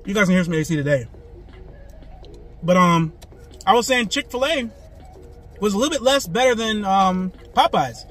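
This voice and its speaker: Excitable man reviewing food in a car. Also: high-pitched, normal speed, pauses often, soft background music. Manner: excited, keeps saying "guys" and "man". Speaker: food vlogger. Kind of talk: casual food review vlog. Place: parked car, traffic passing outside. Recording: faint road noise from inside a car. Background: cars passing by.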